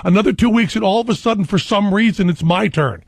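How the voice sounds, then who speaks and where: A man in a radio studio telling stories in casual, animated talk. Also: quick pace, gravelly, no room sound. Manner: animated storyteller, jumps high when excited. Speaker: guest. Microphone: studio mic.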